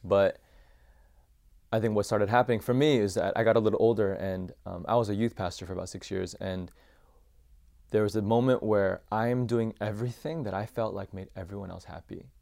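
Low gravelly-voiced man recounting his childhood. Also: steady tone, a little mellow. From United States. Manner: reflective, halting, many fillers. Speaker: podcast guest, former youth pastor. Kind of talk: personal storytelling.

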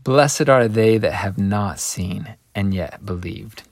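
A man speaking the lines of a gentle, calm Jesus while retelling scripture, keeping close to his own voice. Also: on the low side, takes it slowly, creaky, no room sound.

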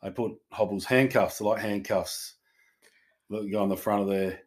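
A man's voice: fairly low pitch, steady tone, moderate pace. A man co-hosts a casual podcast. He speaks in a laid-back way, drops dry jokes, and explains horse matters plainly. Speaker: podcast co-host. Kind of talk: casual chat.

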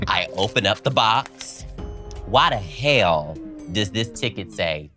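A young man co-hosting a podcast, telling a story in an animated, dramatic way and jumping up in pitch when he quotes people. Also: slow, faint music behind. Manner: animated, dramatic retelling with big pitch jumps when quoting. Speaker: podcast co-host. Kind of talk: casual storytelling chat.

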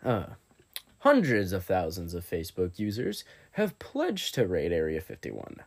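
A man's voice: low-pitched, wildly swooping pitch, a little slow, vocal fry. A young man chatting and joking during a party card game over an online voice call, laughing between lines.

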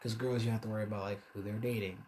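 A male co-host chats casually at very fast speed, rambling through animated stories and swearing freely. His voice is fairly low in pitch, with slight background noise.

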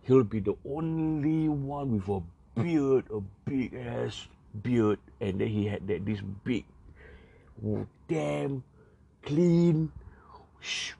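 A man's voice: mid-range voice, lively intonation, slow, gravelly, dark tone, slightly rough, highs cut off. A young man with a Singaporean accent giving casual, rambling political commentary, full of fillers and the odd swear word.

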